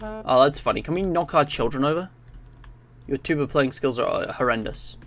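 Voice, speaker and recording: A man's voice: medium pitch, moderate pace. A man giving casual, rambling let's-play commentary, reading on-screen text aloud as he plays. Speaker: gaming YouTuber.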